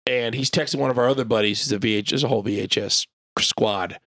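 Gravelly man telling a rambling story. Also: mid-range voice, fast, fairly bright tone. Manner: rambling, swears casually, fills with "like". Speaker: podcast co-host. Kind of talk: casual storytelling chat.

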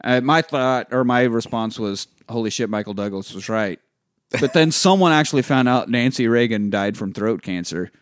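A man's voice: mid-range voice, dry recording, studio quality. A man co-hosting a podcast, recapping a film in casual chat, swearing freely and acting out the scenes. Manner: profane, acts out scenes in quick voices. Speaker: podcast co-host.

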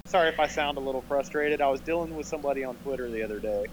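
A man co-hosting a podcast, explaining things in an emphatic, animated way. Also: medium pitch, very fast, hardly any pauses, heavy background noise. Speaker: podcast co-host and toy seller. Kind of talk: casual chat.

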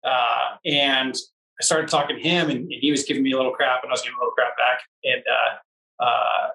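A man's voice: mid-range voice, flat delivery, fairly quick, vocal fry, sharp tone, roomy sound, recorded from a distance, low-quality recording. A man casually telling a story about off-road racing, rambling and searching for words, often acting out what others said. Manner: rambling, searches for words, acts out quoted dialogue. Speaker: off-road racer.

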